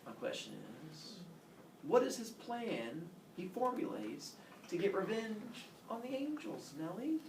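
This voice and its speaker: A man's voice: high-pitched, sing-song, unhurried, vocal fry, a little mellow, a little hiss or hum. A man teaching a class, talking in a playful, theatrical way. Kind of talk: classroom lesson. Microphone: camera across the room. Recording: echoey classroom from far off.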